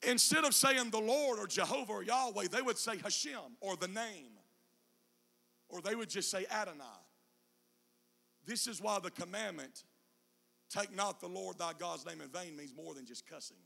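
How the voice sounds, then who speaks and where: A man preaching a sermon, moving between quiet low teaching passages and shouted, sung climaxes with an "uh" before each phrase. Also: normal speed, gravelly. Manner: whooping preacher cadence, "uh" between chanted phrases.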